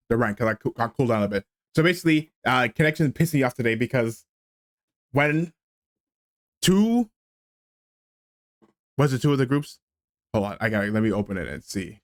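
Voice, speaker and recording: A man's voice: medium pitch, no room sound. Man ranting while streaming a game. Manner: animated ranting, stammering restarts. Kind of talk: casual game commentary.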